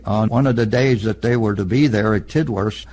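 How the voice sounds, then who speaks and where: An elderly man in an oral history interview, recalling past events in a plain, matter-of-fact storytelling way with a husky voice. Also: on the low side, moderate pace, darkish tone, a little hiss or hum. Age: older. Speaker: interviewee, veteran.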